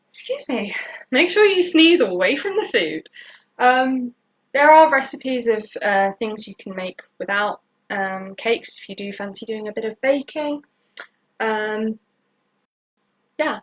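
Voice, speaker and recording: A British woman hosting a casual live baking tutorial from her home kitchen, rambling with many fillers and restarts. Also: fairly high pitch. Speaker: baking stream host. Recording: dull lo-fi stream audio.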